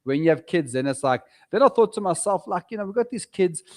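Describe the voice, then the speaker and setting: Animated South African man telling stories. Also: sits high, quick pace. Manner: animated storyteller, acts out his own past words. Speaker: guest property investor. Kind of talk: casual podcast interview.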